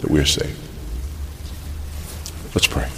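A man preaching a sermon, earnest and searching, asking pointed questions with pauses for emphasis. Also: a bit bright, slight background noise. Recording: long hall reverb.

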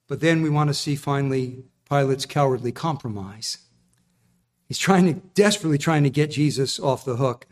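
A man's voice: medium pitch, normal speed. A man preaching a sermon in an earnest, emphatic, explaining manner.

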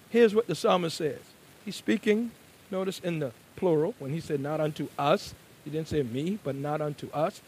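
A man preaching a sermon, moving between quiet, conversational asides and loud, emphatic declarations. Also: a little high, gravelly, husky, low-quality recording.

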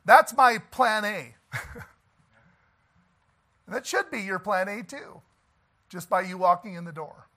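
A man's voice: sits high, expressive, slow, pauses often, sharp tone. A man pastor preaching a sermon in an emphatic, folksy way, often laughing and asking the congregation "Amen?".

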